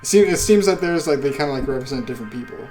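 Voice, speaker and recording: A man chatting casually as he plays through a story game, rambling with fillers and the odd swear. His voice sits at a middling pitch, with faint music in the background. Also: expressive, racing, a little mellow. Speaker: podcast co-host reading a game aloud. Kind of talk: casual let's-play chat and reading.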